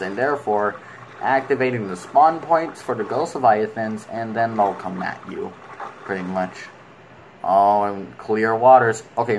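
A man with a slightly low voice rambles through unhurried gameplay commentary. He talks slowly and casually, and often chats fondly to the game's creatures as if they could hear him. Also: a little hiss or hum, low-quality recording. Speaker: video game player.

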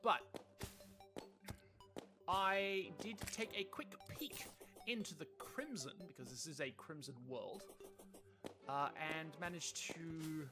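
A let's play host chatting casually and self-mockingly over gameplay, excitable and laughing often. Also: mid-range voice, slow, long pauses, over music.

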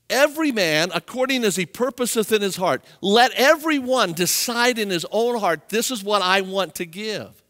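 High-voiced preaching man in a church. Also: big-room sound. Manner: animated preaching, rising and falling intensity. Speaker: pastor. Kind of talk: sermon. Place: church sanctuary.

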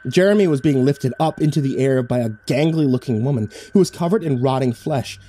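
A man's voice: mid-range voice, a little fast, mellow. A man narrating a first-person horror story in a dramatic, scripted storytelling style.

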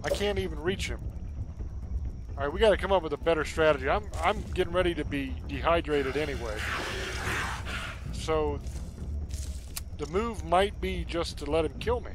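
A man giving casual, chatty gameplay commentary, thinking out loud and getting exasperated, with game music behind him. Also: fairly high pitch, very noisy. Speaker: gaming YouTuber.

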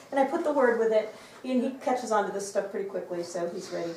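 A woman dog trainer explaining a trick to viewers, breaking off to praise the dog with a bright, loud voice. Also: mid-range voice, lively intonation, fast, slight background noise. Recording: roomy, from some distance, faint clicks.

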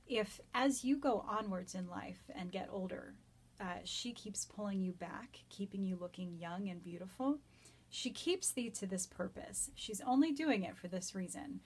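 A woman teaching a Shakespeare sonnet from home, reading verse lines slowly and then explaining them in an enthusiastic, nerdy, chatty way. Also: mid-range voice, slightly rough. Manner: enthusiastic, self-described nerdy. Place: home during quarantine.

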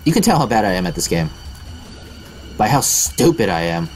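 A man's voice: lowish voice, normal speed, soft background music. A young man commentating his own gameplay, swearing often, mocking his own skill and yelping when hit. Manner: profane, self-deprecating, excitable yelps. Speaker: gaming video host. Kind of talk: let's play commentary.

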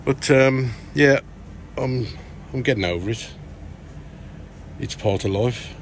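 Middle-aged guy vlogging, slow and rambly, lots of ums, bit of hiss behind. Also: medium pitch. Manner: rambling, warm shout-outs with many fillers and restarts. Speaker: plant grower vlogger. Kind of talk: casual vlog chat with viewer shout-outs. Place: indoor grow tent.

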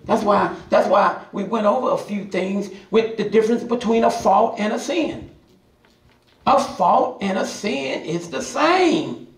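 Man preaching a Bible study, very high gravelly voice, swooping lively pitch, echoey room, mic far off. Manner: passionate, hollering, repetitive emphasis.

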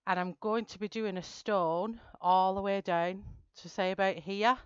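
A woman's voice: mid-range voice, fairly even intonation, unhurried, smooth, no echo, muffled recording. A woman hosting a live stream, chatting casually, greeting viewers by name and explaining her plan step by step. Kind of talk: casual live-stream chat while colouring.

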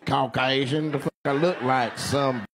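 A male stand-up comedian doing live crowd work, teasing audience members with quick questions and laughing asides. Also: mid-range voice. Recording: live show with loud crowd and noise.

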